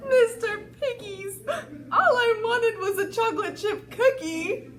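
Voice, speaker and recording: A woman voicing a sly big bad wolf for a children's story, with a high, drawn-out pleading whine. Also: a little hiss or hum. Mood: sobbing.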